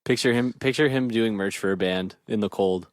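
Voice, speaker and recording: A man's voice: lowish voice, moderate pace, dry recording, clean studio sound. A young man in a band chatting casually on a podcast, laughing along and eagerly jumping in. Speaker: band member.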